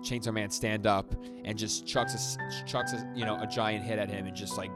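A man's voice: fairly low pitch, flat delivery, normal speed. A young man co-hosting a podcast, recapping a manga in a rambling way with lots of stammered restarts and acted-out quotes. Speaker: podcast co-host. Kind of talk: casual chat recapping a manga. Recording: music playing underneath.

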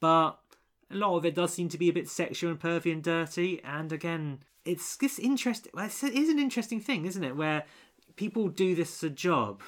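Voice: medium pitch, animated, fairly quick. A co-host reviewing a film in casual chat, rambling with many restarts and fillers.

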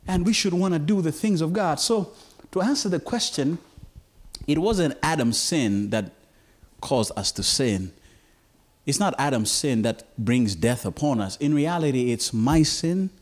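A man preaching a sermon to a congregation, his voice dropping low and quiet, then rising high and loud, with stammered repeats.

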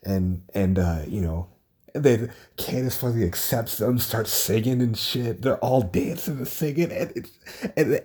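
A young man talking alone on a casual podcast, rambling and excitable, swearing a lot as he retells a story. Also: lowish voice, a little slow, breathy edge. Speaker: podcast host. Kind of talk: casual solo podcast monologue.

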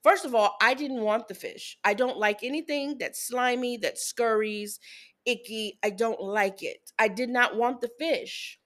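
A podcast co-host in her thirties tells a story in casual chat, animatedly acting out what her kids and her ex said. Her voice is fairly high and unhurried.

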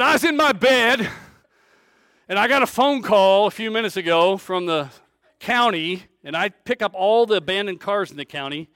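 A man preaching, telling a story with big swings between loud and soft and acting out the voices of the people in it. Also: high-pitched, no room sound, clean studio sound. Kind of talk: storytelling sermon.

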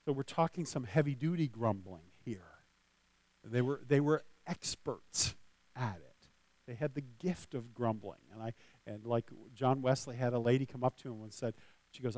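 A man's voice: medium pitch, moderate pace, a little mellow, no room sound. A man giving a sermon as a pastor, talking in a loose conversational way with restarts and light laughs, and reading scripture with rising force.

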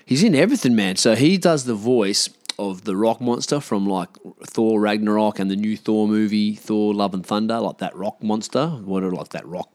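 A man's voice: on the low side, moderate pace, darkish tone, no echo, studio quality. A man talking loosely to camera in a casual vlog, rambling with slang and restarts. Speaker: vlogger.

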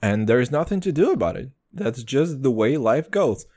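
A man's voice: normal speed, noisy background. A young man hosting a casual solo podcast, swearing a lot and dropping "dude" into every sentence, boastful and rambling. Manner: crude, swaggering slang, lots of "dude"; jumps between low mutters and high excited bursts. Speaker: podcast host.

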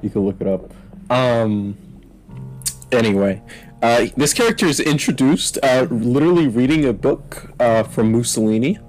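A man's voice: mid-range voice, normal speed, darkish tone, rough recording. A man talking casually on a podcast, voice sitting in an ordinary middle register. He rambles, leans on "like" constantly and chuckles as he goes. Faint music hums behind him. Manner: rambling, full of "like", laughs while retelling scenes. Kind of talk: casual chat.

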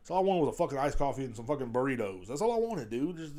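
A man's voice: medium pitch, sing-song, very fast, warm tone. A middle-aged man hosting a comedy podcast, ranting crudely and mocking voices as he rambles. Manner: profane, rambling, mocking voices mid-rant. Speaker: podcast host.

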